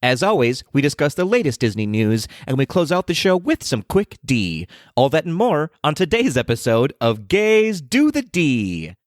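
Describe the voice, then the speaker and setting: Male co-host, animated and jokey, dry close sound. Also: on the high side, normal speed, few pauses, no room sound. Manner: playful, laughs often. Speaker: podcast co-host. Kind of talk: casual podcast banter.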